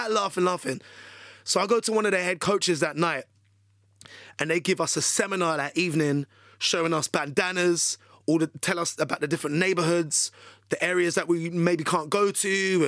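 A man tells a story as a guest on an interview. His voice sits a little high for a man and has a gravelly, fry-laced edge. He talks in an animated, chatty way, full of fillers, and the sound is dry and close. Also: no echo. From London. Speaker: radio DJ guest.

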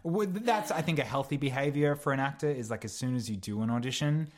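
A man's voice: mid-range voice, fast talker. A young man, an actor guest on a podcast, chatting casually and meandering through his thoughts with lots of fillers and restarts. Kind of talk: casual chat.

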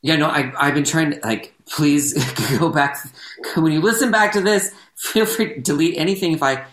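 An American man, an actor and comedian, chatting casually on a podcast in a rambling, self-correcting, animated way. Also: fairly high pitch, moderate pace. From United States. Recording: roomy echo.

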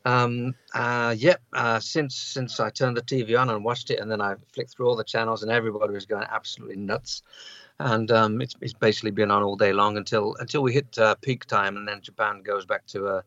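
A man's voice: on the low side, a little fast, no room sound. Chatty male correspondent on a dull line. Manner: chatty, animated storytelling. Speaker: football correspondent in Japan. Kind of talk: casual radio interview.

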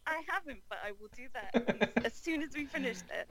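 A woman's voice: high voice, expressive, fairly quick, a crowd in the background. A woman joining a podcast chat, good-humoured and easygoing. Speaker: podcast guest. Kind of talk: casual podcast banter.

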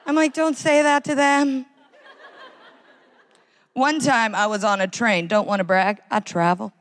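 An American woman performing a live stand-up routine in a large concert hall, wry and animated. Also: unhurried. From United States. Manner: wry, animated, acts out characters in high voices. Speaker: stand-up comedian.

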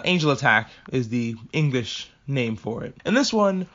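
A man hosting a casual solo podcast review, rambling from point to point, swearing freely and breaking off with laughs. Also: mid-range voice. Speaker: podcast host reviewing anime. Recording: dull lo-fi audio.

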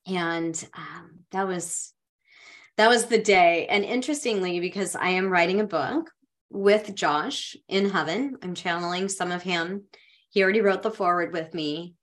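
Woman, podcast co-host, lowish voice, heartfelt personal storytelling, halting restarts.

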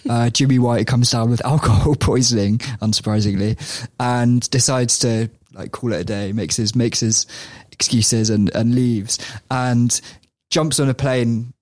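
A man's voice: mid-range voice, steady tone, measured pace, darkish tone, no echo. A young man spins a long, loose anecdote on a chatty podcast, tripping over his restarts and laughing as he goes. His voice sits in a middle register and sounds close and dry, with little room around it. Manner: rambling, laughs often, many restarts. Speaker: podcast host telling a story. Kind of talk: casual storytelling chat.

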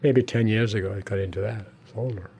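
In an interview, a Galway man in his seventies who runs a corner shop wanders through his recollections, chuckling and saying "you know" often. He talks fast in a fairly low, creaky, warm voice with a steady tone, and there's a little hiss or hum.

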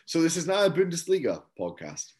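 A man co-hosting a football podcast, chatting in a relaxed, rambling way with lots of fillers. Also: on the high side. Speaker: podcast co-host. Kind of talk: casual chat.

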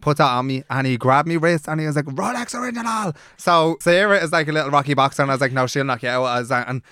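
Young man, Dublin accent, podcast co-host, casual storytelling, swears, acts out quotes, smooth clear voice, dry close sound. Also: medium pitch, steady tone, rapid-fire, pushed and bright, no echo. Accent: Irish, Dublin.

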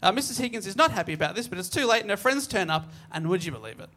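A man's voice: sits high, expressive, racing, sharp tone. A man from Australia hosting a podcast, recapping a play in chatty storytelling and laughing often. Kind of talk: casual comedic chat.

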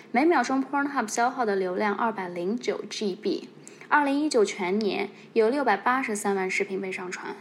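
A woman's voice: mid-range voice, gravelly, a little hiss or hum. Casual woman podcast host. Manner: conversational, explanatory, playful asides.

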